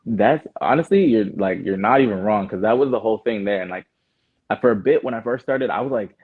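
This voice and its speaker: A man's voice: on the low side, fast, slightly rough, no echo. A young Canadian man, a guest artist, chatting in a laid-back way with lots of fillers and restarts. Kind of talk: casual interview chat. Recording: muffled phone-like sound.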